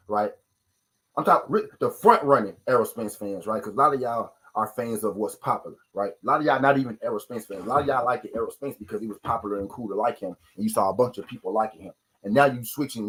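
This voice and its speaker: Husky man ranting about boxing fans. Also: on the low side, poor audio. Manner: repeats "right?" constantly, profane street slang. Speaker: boxing talk show host. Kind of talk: live-stream casual rant.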